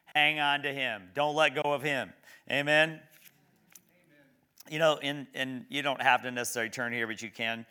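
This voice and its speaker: A man preaching a sermon, reading scripture slowly and emphatically, then talking conversationally and asking the congregation questions. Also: mid-range voice, steady tone, pushed and bright, clean tone. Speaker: pastor.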